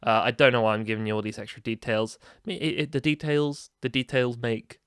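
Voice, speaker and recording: Young male vlogger, chatty storyteller, restarts a lot; smooth, mid pitch, dry sound. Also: brisk, a bit bright, no echo. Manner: rambling, many restarts and asides. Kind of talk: casual storytime.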